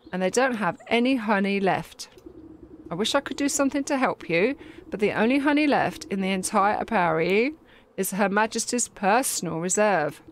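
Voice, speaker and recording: A woman doing a meek beekeeper, doting and flustered, sweet-talking his beloved queen in an ever-so-devoted tone. Her delivery swoops lively, with a faint hiss behind. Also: medium pitch, natural voice. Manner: fawning, flustered. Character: fawning lovesick male beekeeper, timid servant.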